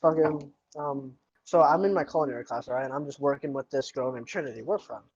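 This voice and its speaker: A man's voice: mid-range voice, brisk, a little mellow. A young man co-hosting a podcast in casual chat, joking and swearing casually as he eats. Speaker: podcast co-host. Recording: dull lo-fi sound.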